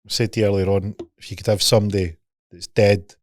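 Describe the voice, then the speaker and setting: A man's voice: fairly low pitch, flat delivery, fast talker, darkish tone, no echo, clean studio sound. A man hosting a podcast, telling a long story in a casual, sweary way. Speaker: podcast host.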